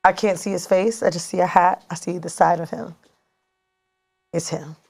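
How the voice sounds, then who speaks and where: A woman in her thirties telling a story in casual chat as a podcast co-host, animated and slangy, recorded in a studio. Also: lowish voice, fairly quick. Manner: animated, slangy, dramatic retelling.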